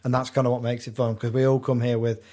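A man co-hosting a podcast, speaking casually with halting, repeated starts. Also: mid-range voice, level tone, dark tone. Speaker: podcast co-host. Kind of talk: casual chat.

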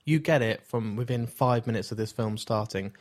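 A man's voice: on the low side, normal speed. Jokey man co-hosting. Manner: enthusiastic, jokey, swears. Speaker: podcast co-host. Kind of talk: casual film review chat.

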